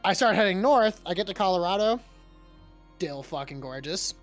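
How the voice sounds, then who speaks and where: A young man in his twenties from Massachusetts with a high voice. He tells stories in a lively, laughing way and swears casually. Faint music plays underneath the chat. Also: normal speed. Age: 20s. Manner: animated storyteller, swears freely, laughs often. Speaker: stream co-host.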